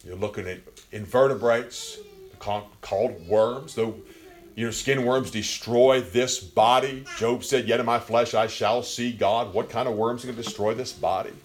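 A man preaching a sermon with passion, swinging from quiet, low passages to loud, near-shouted peaks. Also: steady tone, normal speed.

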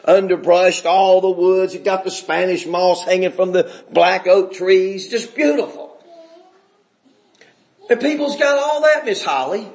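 High-voiced preacher, echoey church. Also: male voice, measured pace. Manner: folksy, chuckling, rising to shouts. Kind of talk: sermon. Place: church sanctuary. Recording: echoey room.

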